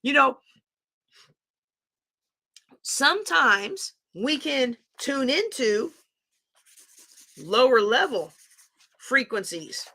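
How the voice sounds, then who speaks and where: A woman, teaching an online class in a chatty, animated way while drawing on a board. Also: high voice, very slow, long pauses.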